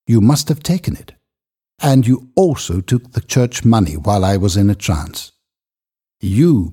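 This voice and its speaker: A man voicing a wronged weaver who pleads his innocence in a strained, high, husky voice. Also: mellow, exaggerated voice.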